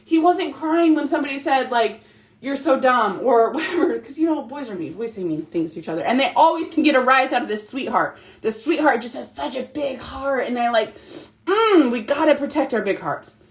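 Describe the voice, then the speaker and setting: Speaking a little fast with few pauses in a high-sitting voice, a woman in her thirties addresses her followers as a mom vlogger. Her casual pep talk is lively, insistent and full of repetition.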